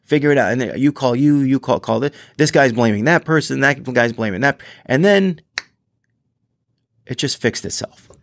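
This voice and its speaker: A man hosting his own podcast, talking casually on his own, rambling with many restarts and excited asides. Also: medium pitch, normal speed, gravelly, no room sound, studio quality. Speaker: podcast host. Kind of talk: casual solo podcast monologue.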